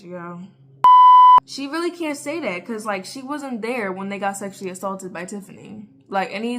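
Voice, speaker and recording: A woman's voice: fairly high pitch, noisy background. A woman giving casual reaction commentary as a vlogger, full of "like" fillers and indignant outbursts. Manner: heavy "like" fillers, indignant and expressive.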